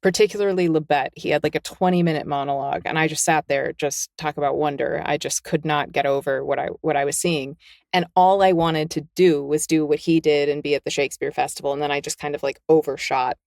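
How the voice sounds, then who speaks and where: A woman's voice: low voice, a little fast, gravelly, no echo, studio quality. A middle-aged woman, a guest narrator and novelist, telling stories in a candid podcast chat and acting out the quotes. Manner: animated storyteller who acts out quotes.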